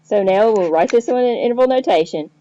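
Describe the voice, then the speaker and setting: A woman's voice: a little high, lively intonation, brisk, warm tone. A woman teacher explaining math step by step, checking in with the listener as she goes. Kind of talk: recorded math lesson. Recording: dull lo-fi recording.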